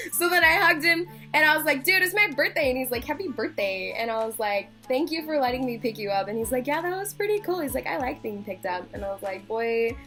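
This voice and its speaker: A woman's voice: high voice, pushed and bright. A young woman telling a story casually, full of "like" and acted-out quotes. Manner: chatty, fillers of "like", acts out quotes. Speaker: vlogger.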